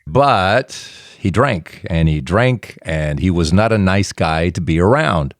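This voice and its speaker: Lively low-voiced male podcast host. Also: slow pace, no room sound, clean studio sound. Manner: lively, folksy retelling with asides. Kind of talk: storytelling podcast narration.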